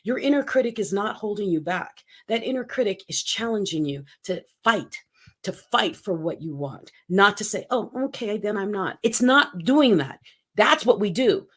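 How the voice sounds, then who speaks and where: A woman in her fifties, appearing as a guest speaking coach, gives energetic motivational interview talk in emphatic, punchy short phrases. Her medium-pitched voice is animated and slightly rough, at a moderate pace.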